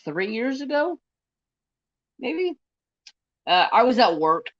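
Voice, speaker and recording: A man hosting a craft stream, telling a rambling story in a casual, animated way and swearing freely. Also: extremely high pitch, takes it slowly, no echo. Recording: slightly dull, lo-fi sound.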